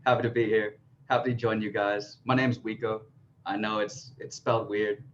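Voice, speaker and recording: A man's voice: lowish voice, level tone, normal speed, highs cut off, a little hiss or hum. A friendly, easygoing man raised in Texas, chatting on a video call as a first-time participant. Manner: friendly, easygoing, says "y'all". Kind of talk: casual video-call chat.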